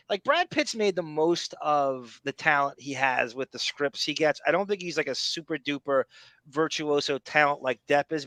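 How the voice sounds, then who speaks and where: Brief: male podcast co-host, bright, tense tone, dry close sound, rambling and opinionated. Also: a little high, no echo. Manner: animated, opinionated, rambling with restarts. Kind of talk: casual chat.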